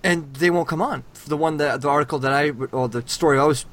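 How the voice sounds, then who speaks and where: A man hosting a casual podcast conversation, opinionated and animated, often restarting his sentences. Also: on the high side, fast talker. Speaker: podcast host.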